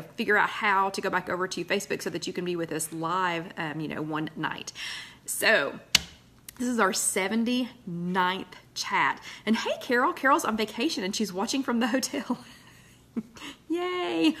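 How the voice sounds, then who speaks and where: A woman's voice: mid-range voice, a bit bright. Chatty woman greeting viewers. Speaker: host of a live weight-loss chat. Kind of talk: casual live-stream chat. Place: loft at home.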